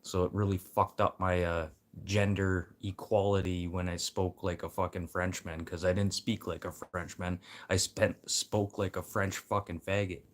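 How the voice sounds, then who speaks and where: Deep-voiced guy, blunt and rambling, swears constantly in a loose rant. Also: little pitch movement, moderate pace, hardly any pauses. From Manitoba. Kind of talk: casual rant.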